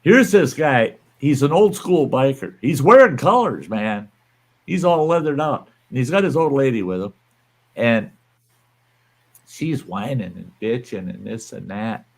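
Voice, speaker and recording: A man's voice: mid-range voice, expressive, a little slow. An older man hosting a livestream, telling a story in a blunt, folksy, profane way. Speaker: livestream host. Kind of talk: casual storytelling.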